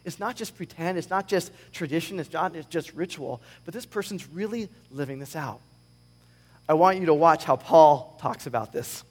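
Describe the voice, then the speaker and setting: A man preaching a conversational sermon, reading scripture with animated sarcasm. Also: a little high, normal speed, in a large hall. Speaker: pastor.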